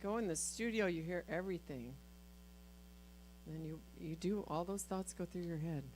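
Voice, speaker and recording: A woman's voice: on the low side, normal speed, darkish tone. Distant woman with mains hum. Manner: chatty, self-deprecating, laughing. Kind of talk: off-the-cuff remarks to a congregation.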